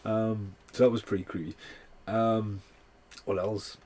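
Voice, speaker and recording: A man's voice: fairly low pitch, flat delivery, measured pace, mellow. A man giving a rambling, heavily sworn casual film review, full of fillers. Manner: swears a lot, rambling with many fillers. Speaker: movie reviewer.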